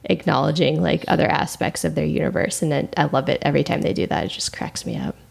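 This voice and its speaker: A woman co-hosting a podcast, chatting in a loose, animated way and laughing through her sentences. Her voice has a gravelly fry running through it. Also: deep voice, fast talker. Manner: giggly, animated, often laughing while talking. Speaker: podcast co-host. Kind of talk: casual TV recap chat.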